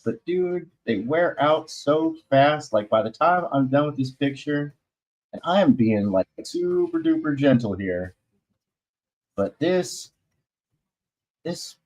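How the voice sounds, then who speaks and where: A man's voice: mid-range voice, a little mellow, rough recording. A man hosting a comics talk stream in casual chat, rambling, loose and slangy, with many fillers.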